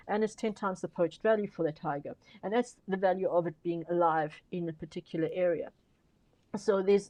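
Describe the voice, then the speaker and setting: A woman's voice: lowish voice, warm tone, rough recording. A woman speaking on a conference panel, making her case emphatically and persuasively, stressing key words and often restarting her sentences. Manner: frequent fillers and restarts.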